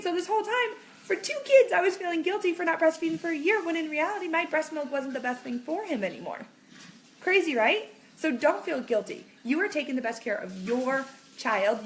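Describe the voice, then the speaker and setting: Woman in her thirties, high voice, chatty, reassuring, mom vlogger talking to camera. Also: slight background noise. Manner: chatty and reassuring, acts out quotes in big animated voices. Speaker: mom vlogger answering viewer questions. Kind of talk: casual chat to camera.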